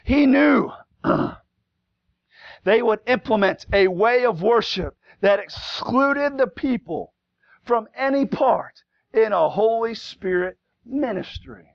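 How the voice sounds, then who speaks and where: A male preacher with a high, gravelly voice delivers a fervent sermon, dropping to quiet asides and then building to shouted exhortations. His speech is folksy and plain. The recording from the church sanctuary sounds dull and lo-fi. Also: lively intonation, takes it slowly. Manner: folksy plain-spoken grammar. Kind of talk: fiery Pentecostal sermon.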